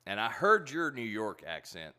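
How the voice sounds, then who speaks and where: Lively low-voiced man telling stories. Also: normal speed, smooth. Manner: animated, laughing storyteller. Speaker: podcast host. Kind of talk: casual chat.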